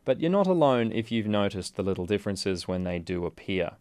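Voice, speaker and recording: A man from Western Australia with a Western Australian accent, presenting a documentary report in clear, measured scripted narration. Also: lowish voice, big pitch swings, a little mellow, no room sound.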